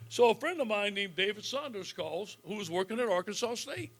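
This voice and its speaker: With a high voice and few pauses, a football coach in his fifties briskly delivers folksy, animated stories in a club speech. He chuckles frequently as he goes.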